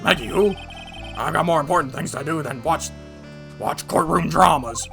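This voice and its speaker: A man's voice: a little high, normal speed, gravelly, bright, forceful tone, soft background music. A man voicing a hot-tempered male loan shark with a put-on Brooklyn accent, talking in menacing tough-guy slang. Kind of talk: fan voice-over of a game.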